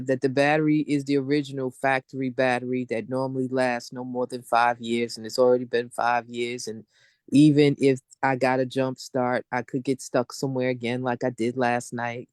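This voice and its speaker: A middle-aged open mic participant rants in frustration over a video call, her venting running on in long, casual stretches. She has a very deep voice with a darkish tone, and there's no echo.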